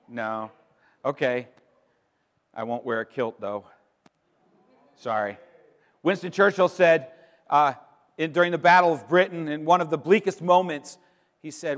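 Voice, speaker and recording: Emphatic pastor preaching in a reverberant hall. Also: male voice, medium pitch, a bit bright. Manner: emphatic, with dramatic pauses and repeated words. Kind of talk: sermon. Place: church sanctuary. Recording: long reverb in a large hall.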